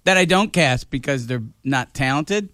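A man's voice: medium pitch, lively intonation, moderate pace, a bit bright, dry recording. A middle-aged man, a filmmaker guest in a radio studio, telling stories casually with many stammers and fillers.

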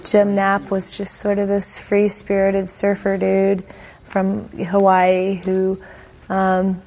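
A woman's voice: medium pitch, completely flat delivery, takes it slowly, a little mellow. A woman interviewed about a friend, reminiscing and laughing lightly.

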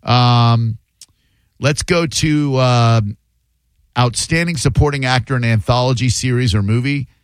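A man's voice: medium pitch, measured pace, smooth, dry recording, clean studio sound. Sarcastic man in casual chat. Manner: sarcastic, joking. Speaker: podcast host.

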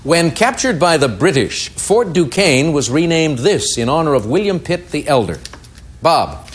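A man hosting a quiz show, reading out clues crisply and giving brief verdicts. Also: a little high, very animated, a little slow.

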